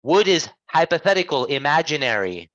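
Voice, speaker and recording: A man's voice: on the high side, big pitch swings, normal speed, fairly bright tone, dry recording, dull audio. A man teaching an online English class, patient and encouraging, repeating and rephrasing answers for his students.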